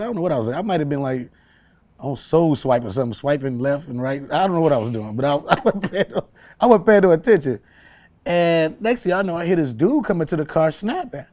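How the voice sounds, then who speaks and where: A man, a comedian telling a story in an interview, animated and laughing often as he acts out voices. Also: on the high side, fairly quick. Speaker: comedian guest.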